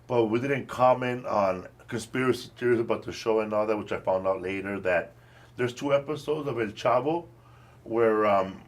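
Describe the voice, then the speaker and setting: A man's voice: lowish voice, normal speed. A man hosting a podcast, telling stories in a loose, profane, laughing way. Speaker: podcast host. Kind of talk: casual chat.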